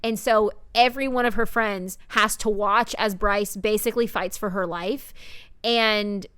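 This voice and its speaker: A woman's voice: medium pitch, unhurried, clear, resonant tone. A young adult woman co-hosting a podcast, chatting animatedly about books with many fillers. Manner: animated, lots of fillers and retold quotes. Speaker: podcast co-host. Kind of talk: casual book chat.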